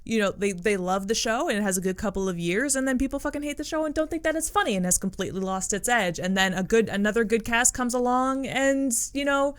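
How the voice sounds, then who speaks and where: A woman's voice: fairly high pitch, fast talker, hardly any pauses. Chatty woman podcast co-host. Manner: chatty, rambling, many fillers. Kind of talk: casual chat.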